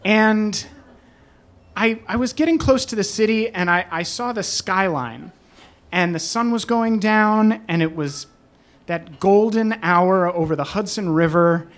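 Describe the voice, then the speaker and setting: A young man spins a personal story for a live crowd, chatty and animated, slipping in laughing asides. His voice sits high and light for a man. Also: measured pace.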